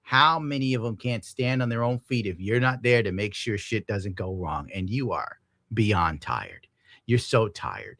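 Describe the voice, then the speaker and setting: Bright, profane ranting male streamer. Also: lowish voice, expressive, measured pace, no echo. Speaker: streamer reacting to a clip. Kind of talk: ranting live-stream commentary.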